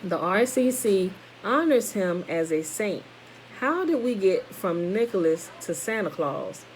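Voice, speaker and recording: A woman's voice: mid-range voice, lively intonation, a little slow, poor audio. A woman reading a text aloud to listeners, stopping for casual asides and correcting her own stumbles. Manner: reads steadily, breaks off for informal comments to listeners; stumbles over words and corrects herself.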